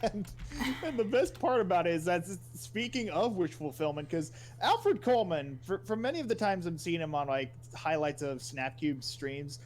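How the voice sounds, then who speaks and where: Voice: medium pitch, lively intonation, normal speed, a little mellow. A co-host chatting casually on stream, jokey and swearing, laughing often.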